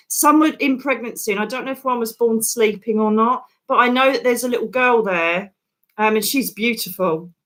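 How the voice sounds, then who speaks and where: A woman's voice: a little high, fairly bright tone. A woman psychic medium, hosting live readings in an emotional, affectionate way. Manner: emotional, affectionate, says darling.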